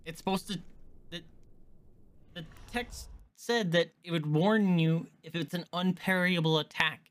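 Man, fairly high voice, bright and forceful tone, gaming commentary, frustrated swearing rants. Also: steady tone, a little slow. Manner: frustrated, swearing, ranting at the game. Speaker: gaming streamer. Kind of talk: let's play commentary.

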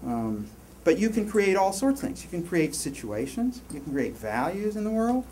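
A man giving a university lecture, rambling and animated, with many restarts and asides to the class. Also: sits high, normal speed, slight background noise. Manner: animated, rambling, lots of self-interruptions. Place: lecture hall.

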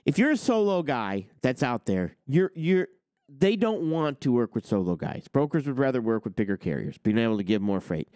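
A man's voice: medium pitch, sing-song, moderate pace, darkish tone, no echo, clean studio sound. A man hosting a trucking talk channel, ranting with heated sarcasm and swearing. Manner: heated, sarcastic, swears, mocks others in put-on quotes. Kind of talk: ranting opinion monologue.

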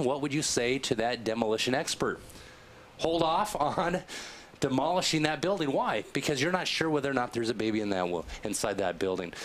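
A man's voice: mid-range voice, fairly bright tone. A man on a talk-show team answering a question in a folksy way, acting out little dialogues.

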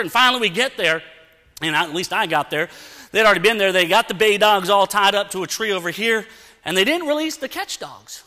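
A man preaching and telling a story with lots of energy, acting out sounds and bits of dialogue in a church. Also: very high voice. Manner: animated, acts out sounds and dialogue. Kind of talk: storytelling sermon. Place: church sanctuary. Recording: long church-hall reverb.

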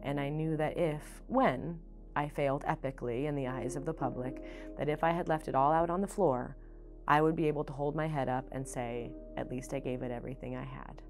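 A middle-aged actress speaking earnestly and reflectively, full of fillers, restarts and sudden bursts of energy. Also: female voice, sits low, fairly even intonation, brisk, music in the background. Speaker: stage actress. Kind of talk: reflective interview monologue.

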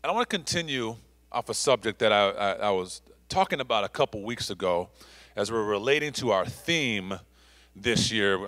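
A man's voice: mid-range voice, fairly bright tone, no echo. A man preaching a sermon as pastor, stretching out key words and repeating phrases for emphasis. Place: church sanctuary.

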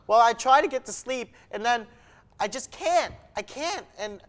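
A young man in a student sketch comedy, playing a halting, whiny therapy patient. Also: extremely high pitch, expressive, fairly bright tone. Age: young adult.

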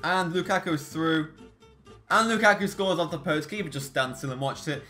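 Young man, gaming commentary, high bright voice, excitable, faint music behind. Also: normal speed. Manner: excitable, swings from groans to shouts. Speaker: gaming YouTuber. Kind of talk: live gameplay commentary.

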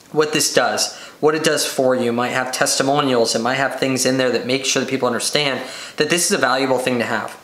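A business podcast host, a man with a medium-pitched voice, talks solo with lots of energy, firing off rapid lists and acting out excited buyers. The recording has a roomy echo.

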